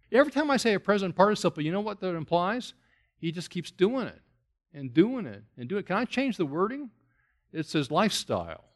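Guy pastor preaching a bible sermon, kinda high voice, emphatic, keeps asking questions. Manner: emphatic, repetitive, rhetorical questions. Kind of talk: expository sermon.

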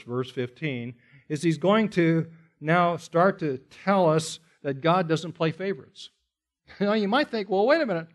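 A man teaching a Bible study sermon, emphatic, repeating key phrases and asking rhetorical questions. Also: a little high. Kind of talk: expository sermon.

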